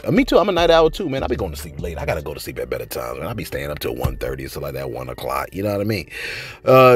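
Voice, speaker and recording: A lively man chats through celebrity news and viewer shout-outs in a loose, casual way. His pitch leaps from low mumbles up to high, incredulous exclamations, and he keeps dropping in "man" and "you know what I mean". Faint music plays behind him. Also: rapid-fire, breathy edge. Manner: fillers and repeated phrases like 'you know what I mean' and 'man'. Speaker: celebrity news channel host.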